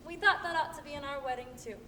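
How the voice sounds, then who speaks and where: A woman's voice: high voice, very fast, sharp tone, a little hiss or hum. A woman playing a folksy, wry stage manager who narrates a live stage play, talking plainly to the audience. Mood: musing. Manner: dry, chatty and plainspoken to the audience. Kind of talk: live amateur stage acting. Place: theater stage. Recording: echoey hall from far off.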